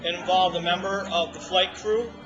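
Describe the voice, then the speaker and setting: A man's voice: high voice, fairly even intonation, moderate pace. A man telling his own story in informal conversation at a restaurant, rambling with frequent restarts. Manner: rambling, with restarts and emotional retellings. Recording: dull lo-fi audio with music behind.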